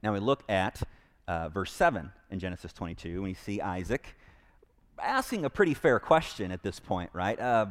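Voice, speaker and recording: A man's voice: deep voice, lively intonation, brisk. A man preaching a sermon in a church to a live congregation, earnest and emphatic, repeating key phrases with frequent restarts. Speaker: pastor.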